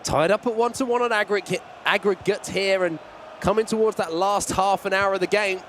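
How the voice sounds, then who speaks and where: High-voiced male play-by-play caster. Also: a little fast, a little hiss or hum. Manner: excitable, rising on big chances. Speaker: esports commentator. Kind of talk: play-by-play commentary.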